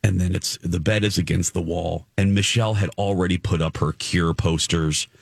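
A man's voice: deep voice, fairly even intonation, moderate pace, vocal fry, slightly rough, no room sound, clean studio sound. A middle-aged man telling a rambling story in a casual chat, often correcting himself.

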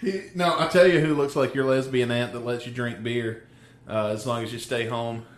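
A man's voice: medium pitch, fairly even intonation, normal speed, echoey room. A man co-hosting a podcast in casual chat, joking and swearing freely. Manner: profane, joking. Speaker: podcast co-host.

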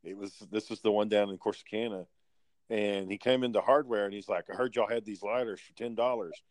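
A man telling work stories in casual chat, animated and profane, acting out the people in them. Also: on the low side, fairly quick, no room sound.

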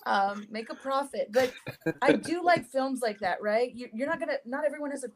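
A woman's voice: sits high, brisk, slight background noise, low-quality recording. A woman co-hosting a casual movie podcast, rambling and giggly, often correcting herself as she goes. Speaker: podcast co-host. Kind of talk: casual film discussion.

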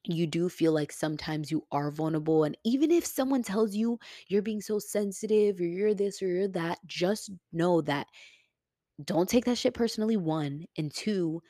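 A woman's voice: lowish voice, normal speed, mellow, dry recording, studio quality. A young woman hosting a solo podcast, talking in an earnest, heartfelt, emotional way and swearing casually. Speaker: podcast host.

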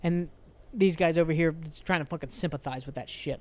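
This solo podcast host is a young man whose slightly high, slightly mellow voice moves fairly quickly. His delivery is an angry, foul-mouthed, rambling tirade, broken up by sighs and repeated restarts.

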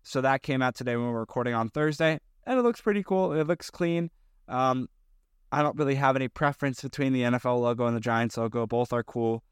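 A man co-hosting a podcast, talking loosely and circling back through fillers and restarts. His voice is smooth and resonant. It is recorded dry and close, with little room sound. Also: mid-range voice, fast, no echo. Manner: rambling, with many fillers and restarts. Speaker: podcast co-host. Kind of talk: casual chat.

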